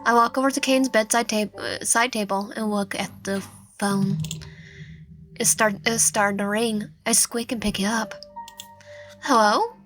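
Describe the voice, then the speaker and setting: A woman reading a visual novel aloud, slowly, with frequent slips and self-corrections. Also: mid-range voice, steady tone, a bit bright, poor audio. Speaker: let's play narrator.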